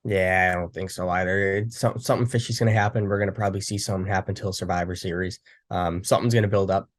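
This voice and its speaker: A man's voice: low-pitched, fairly even intonation, quick pace. A young man casually recapping a wrestling show, rambling with frequent restarts and fillers.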